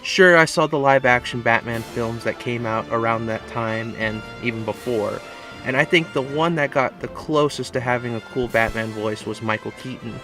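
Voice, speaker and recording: A man's voice: medium pitch, normal speed. A man reading a scripted tribute narration in an earnest, reflective way. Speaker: video essay narrator. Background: music.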